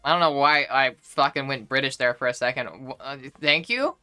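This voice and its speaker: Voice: medium pitch, moderate pace, pushed and bright, smooth, faint music behind. A young adult streamer casually chatting with a live audience, playful, profane and mock-indignant. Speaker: livestreamer reading chat.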